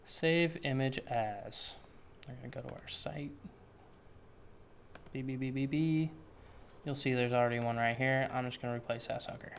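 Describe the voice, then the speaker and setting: A man walks through a web tutorial in a casual, offhand way, narrating each step as he thinks it through. His voice sits at an ordinary middle pitch, and he drops dry, sarcastic asides. A faint hiss sits under the recording. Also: moderate pace, vocal fry, pauses often. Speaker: web developer teaching a tutorial. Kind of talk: screen-share coding tutorial.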